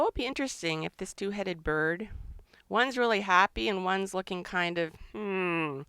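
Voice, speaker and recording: A middle-aged woman, a children's author and illustrator, chatting excitedly and thinking aloud during a live drawing session for kids. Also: on the low side, creaky, smooth, no room sound.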